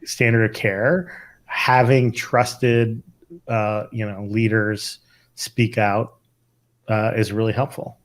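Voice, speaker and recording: Halting middle-aged man on a podcast. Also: fairly low pitch, level tone. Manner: thoughtful, halting, many fillers and restarts. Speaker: emergency physician co-host. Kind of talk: casual podcast chat.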